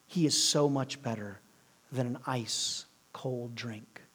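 A male preacher delivers an earnest sermon in a husky, mid-pitched voice. He swings between loud, emphatic lines and hushed, near-whispered ones. His pace often slows for weight.

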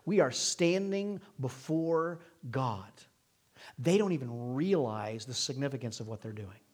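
A middle-aged man preaching a sermon, moving between hushed, slow lines and emphatic bursts. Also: medium pitch, animated, slightly rough. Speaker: pastor.

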